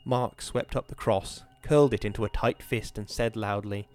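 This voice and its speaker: Low-voiced man reading horror aloud. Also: fairly even intonation, normal speed, a little mellow, clear, resonant tone, no echo. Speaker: podcast host reading a horror novel. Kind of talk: dramatic reading and casual commentary.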